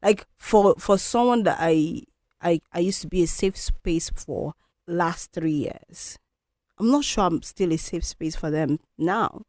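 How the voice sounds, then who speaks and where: A woman's voice: lowish voice, a little slow, a little mellow, no room sound, studio quality. Candid woman musing on a podcast. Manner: candid, reflective, conversational. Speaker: podcast host. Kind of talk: solo podcast monologue.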